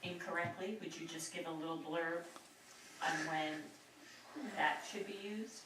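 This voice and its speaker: A woman's voice: low voice, fairly even intonation, a little slow, background noise. A woman student in a class, politely asking the teacher a question. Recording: distant voice in echoey classroom.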